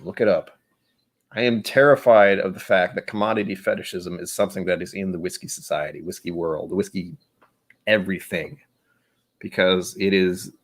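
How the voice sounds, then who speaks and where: A young man from the United States chats on his live stream while sampling whiskey. He rambles, cuts himself off mid-sentence, and drops into silly voices when quoting people. His speaking voice sits a little low. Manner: rambling and self-interrupting, slipping into playful voices for quoted lines. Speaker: stream host.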